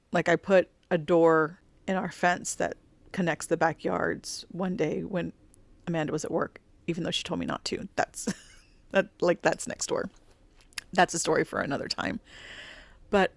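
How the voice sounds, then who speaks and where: A middle-aged woman hosting a podcast, telling a personal story in a halting, heartfelt way with many fillers and restarts. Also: on the low side, gravelly, no room sound, clean studio sound. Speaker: podcast host.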